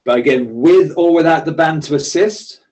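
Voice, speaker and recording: A man leads a seated workout with a friendly, encouraging manner, giving clear step-by-step cues. His voice sits a bit high for a man. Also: normal speed, a little mellow, slight background noise, rough recording. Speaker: exercise instructor. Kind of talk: leading a seated workout class.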